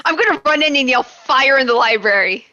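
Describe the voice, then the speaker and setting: A woman playing a tabletop game, giggly and quick to throw out ideas. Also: high voice, expressive, sharp tone, no room sound, muffled recording. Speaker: player. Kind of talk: casual tabletop play.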